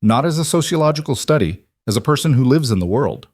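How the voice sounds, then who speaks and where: A man's voice: medium pitch, expressive, fast, a little mellow, dry recording, studio quality, pitched above the performer's own voice, lightly acted. A man voicing a stern, challenging community mentor in a story reading. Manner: pointed, challenging.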